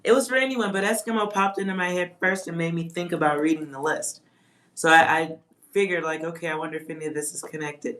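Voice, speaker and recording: A woman's low, steady voice has a fairly bright tone and moves fairly quickly as she does a psychic reading for her livestream chat. She muses aloud, reads and spells out words, and swears offhand.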